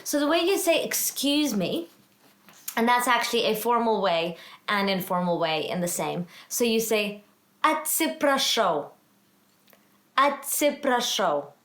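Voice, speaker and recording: A woman's voice: medium pitch, lively intonation. Encouraging woman teaching words in an echoey room. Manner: encouraging, self-deprecating, slows down to model words. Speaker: language teacher. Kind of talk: casual spoken language lesson.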